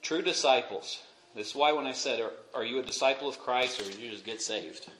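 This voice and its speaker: Pastor preaching in an echoey church. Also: male voice, mid-range voice, a little fast. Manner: swings from quiet asides to loud emphatic peaks. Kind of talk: sermon. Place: church sanctuary. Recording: echoey room, faint noise.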